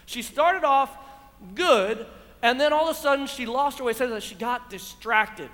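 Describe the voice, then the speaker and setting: A man's voice: very high-pitched, fast, sharp tone. Man, pastor, sermon, rhetorical questions, long church-hall reverb. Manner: preaching with rhetorical questions to a congregation.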